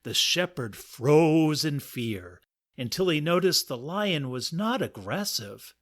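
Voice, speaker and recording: Male podcast narrator, unhurried, lively ups and downs, dry comic reading. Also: a little high.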